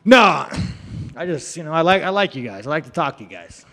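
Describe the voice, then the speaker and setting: Brash, profane fighter in an echoey room. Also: male voice, on the high side, sing-song, brisk, fairly bright tone. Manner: brash, profane, rambling, joking. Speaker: fighter at a press event. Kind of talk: media scrum answers.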